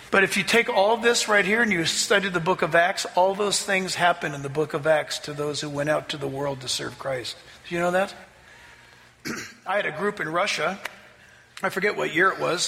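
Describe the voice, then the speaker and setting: A man preaching a sermon as pastor, telling a story with lively energy. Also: a little high, creaky, long reverb tail, slight background noise. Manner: animated, rising to near-shouts in the story. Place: church sanctuary.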